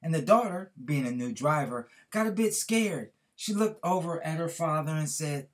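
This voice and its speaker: A man's voice: a little high, expressive, moderate pace, few pauses. A man hosting a podcast, telling a motivational story with earnest, preacher-like emphasis. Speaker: podcast host.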